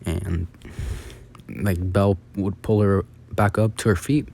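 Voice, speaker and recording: Low mellow rambling male storyteller. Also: fairly even intonation, takes it slowly, gravelly. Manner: rambling, full of "like" and restarts. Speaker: fan story narrator. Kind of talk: casual improvised storytelling.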